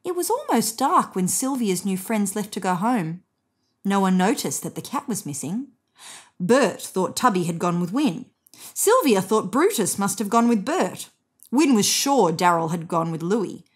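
A woman reading a children's picture book aloud in a gentle, expressive storytelling manner. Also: medium pitch, normal speed, husky. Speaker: storybook reader.

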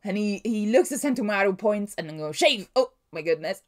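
Woman, casual reaction host, animated pitch, excitable and rambling, laughs easily. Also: brisk. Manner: excitable, laughs often, restarts and wonders aloud. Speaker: manga reaction vlogger. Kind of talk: casual thinking-aloud reaction.

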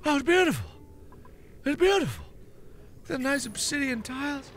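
A man hosting a let's play video, talking through the game as he plays. He is excitable and swings from loud squeals to muttered asides. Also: very high-pitched, unhurried, gravelly, pauses often, a little hiss or hum. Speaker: gaming channel host.

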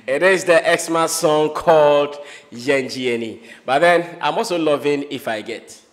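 A man's voice: fairly high pitch, measured pace, big-room sound. A man with a Ghanaian accent hosting an interview, upbeat and casual, slipping Twi phrases into his English. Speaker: show host.

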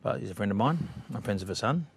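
A man's voice: lowish voice, expressive, fast, vocal fry, a little hiss or hum. A middle-aged Australian man, a guest, telling brash and bawdy anecdotes in chat. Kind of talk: storytelling chat.

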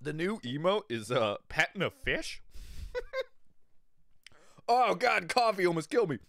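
A man's voice: sits high, big pitch swings, a little slow, creaky, fairly bright tone, dry recording. A man streaming live, chatting casually with viewers in a crude, rambling way and often laughing. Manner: talks to chat viewers. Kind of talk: casual livestream chat.

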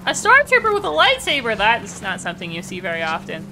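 A woman's voice: on the high side, huge pitch swings, fast talker, noisy background. A young woman, chatting casually and encouragingly as she streams a game. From Canada. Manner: bubbly, encouraging, laughs often. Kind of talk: casual gaming chat.

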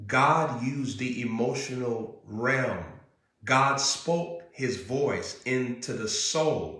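A man preaching a sermon as a pastor, repeating his phrases and rising into loud bursts. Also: mid-range voice. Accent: Southern US. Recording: echoey room.

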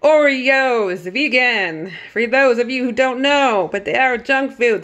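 A woman's voice: fairly high pitch, a little slow, few pauses, a bit bright. A woman in her thirties chatting casually to viewers as she walks through her home kitchen, laughing often. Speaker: vlogger giving a kitchen pantry tour. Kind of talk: casual home vlog chat.

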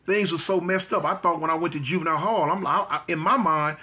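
Bright-voiced man telling a vivid story. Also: fairly high pitch, quick pace, slightly rough. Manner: vivid storyteller who repeats phrases and mimics gunshots. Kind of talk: personal life story, casual telling.

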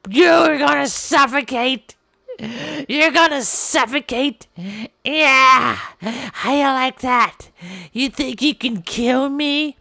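A woman voicing Bob, a brash, boastful and violent male game character, taunting in slang and shouting when fighting. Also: high voice, takes it slowly, gravelly, dry recording, studio quality, exaggerated voice. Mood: screaming furious. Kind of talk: game machinima voice acting.

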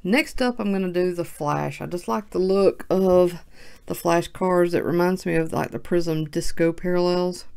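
A woman's voice: fairly low pitch, normal speed, creaky, warm tone, clean tone. A woman hosting her sports card channel, chatting casually and thinking aloud in a self-mocking way as she opens packs. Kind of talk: casual card-opening commentary.

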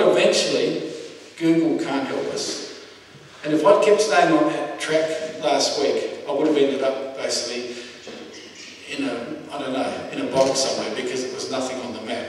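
A man delivers a sermon in a casual, talking style, circling back to his phrases and pausing on fillers. His voice sits a little high. The sound comes from across a church hall, with a long echo and faint background noise. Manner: conversational preaching with repeated phrases and fillers. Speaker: preacher. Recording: echoey hall, voice from a distance.

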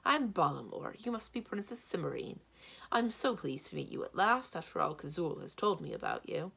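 A woman's voice: lowish voice, animated, normal speed, creaky, fairly bright tone, husky, exaggerated voice. A woman voicing a friendly, homely female giantess who is overly pleasant with strangers and eager with friends, reading a children's book aloud.

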